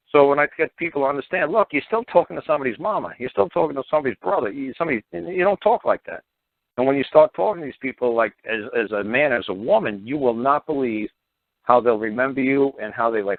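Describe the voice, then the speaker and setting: Brief: rapid, profane middle-aged radio talker, thin phone-quality line. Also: male voice, mid-range voice, no echo. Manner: profane, blunt, animated storytelling. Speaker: radio show guest. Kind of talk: rambling radio talk. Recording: dry, phone-like radio audio.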